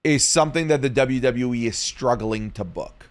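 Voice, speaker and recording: A man's voice: mid-range voice, moderate pace, smooth. A man co-hosting a wrestling podcast in casual chat, emphatic and argumentative.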